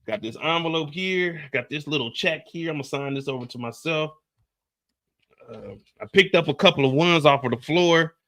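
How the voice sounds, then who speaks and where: A man hosting an animated recap of a TV episode, telling the action in profane slang and acting out the gunfire with his own sound effects. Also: a little high, moderate pace. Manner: excitable, acts out scenes with gunshot sound effects. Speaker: show recap host.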